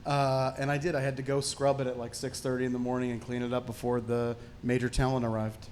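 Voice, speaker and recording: A man's voice: medium pitch, flat delivery, quick pace, darkish tone, slight background noise. Man telling a set story, laughing. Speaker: film panelist. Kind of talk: casual anecdote on a panel.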